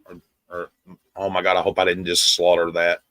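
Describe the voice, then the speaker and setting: Bright-voiced man rambling in group chat. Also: low voice, monotone, brisk, no echo. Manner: rambling, repeats himself.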